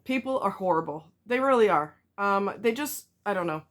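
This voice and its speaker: A woman's voice: mid-range voice, lively intonation, moderate pace. A woman ranting to her viewers in a vlog, blunt and emphatic, repeating herself for stress. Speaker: vlogger. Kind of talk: ranting to camera.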